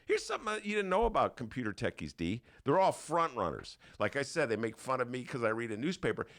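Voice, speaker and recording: An older man, hosting a talk show, spins a comic monologue in a rough, gravelly voice. His pitch leaps up and down as he acts out the people in his stories. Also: fast talker. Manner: animated storytelling with put-on voices. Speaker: podcast host. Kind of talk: casual comedic monologue.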